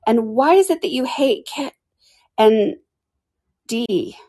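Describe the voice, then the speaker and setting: A woman's voice: on the high side, animated, takes it slowly, dark tone, slightly rough, no room sound, studio quality, pitched above the performer's own voice, heavily acted. A woman voicing a polite, curious young girl who speaks earnestly. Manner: earnest, eager to please.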